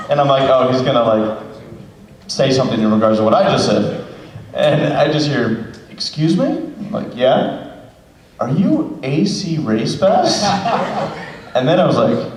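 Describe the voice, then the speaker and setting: A man telling a halting story on a convention panel, full of fillers. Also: on the high side. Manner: hesitant, many fillers. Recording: echoey hall from far off.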